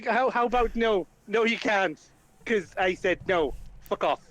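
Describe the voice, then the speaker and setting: A man's voice: high-pitched, unhurried, pitched above the performer's own voice. A man playing a foul-mouthed drunk. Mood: scornful. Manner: swearing, dismissive, loud. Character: rude hard-drinking man, hostile hero.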